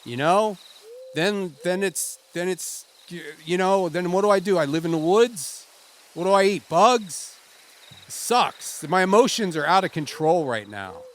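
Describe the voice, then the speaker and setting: A man's voice: medium pitch, takes it slowly, pauses often. A man acting out a grown man lost in the woods at night, overwrought and swearing in a clumsy mock audition scene. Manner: clumsy, swearing, loudly overemotional.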